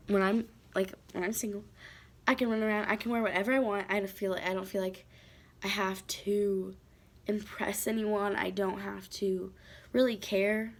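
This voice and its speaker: A teenage girl talking casually and emotionally to her camera at home, rambling with many fillers and restarts. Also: medium pitch. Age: teens. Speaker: vlogger. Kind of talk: casual confessional chat to camera.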